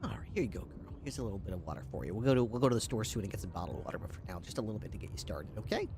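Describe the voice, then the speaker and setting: Roleplaying a police dog handler, a man talks dotingly and chattily to his dog, laughing often. His fairly low voice is expressive and rapid-fire, with game ambience and vehicle noise in the background.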